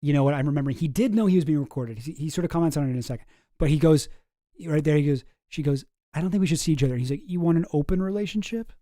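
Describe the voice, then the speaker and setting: This streamer talks in a dark, mellow tone over a dry, close sound. The chat is loose and excitable, with frequent laughter and casual swearing. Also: medium pitch, racing, no echo. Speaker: streamer reacting to a clip.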